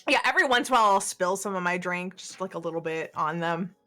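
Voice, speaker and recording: A woman playing in a tabletop role-play game, playful and quick to laugh. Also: lowish voice, lively intonation, pushed and bright, faint music behind. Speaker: player.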